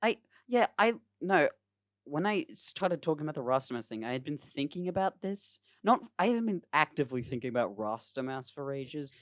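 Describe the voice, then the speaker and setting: A man's voice: a little high, sing-song, a little fast, no echo. A young man hosting a podcast, chatting casually, laughing and rambling over voice chat from home. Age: young adult. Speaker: podcast host. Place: home, remote call. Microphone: computer mic over voice chat.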